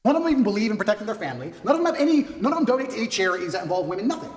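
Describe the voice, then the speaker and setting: A man's voice: high-pitched, sing-song, very fast, crowd noise. A man being interviewed, delivering a boastful, emphatic monologue in repeated short lists. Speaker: interview guest. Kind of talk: combative monologue. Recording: roomy echo, distant from the mic.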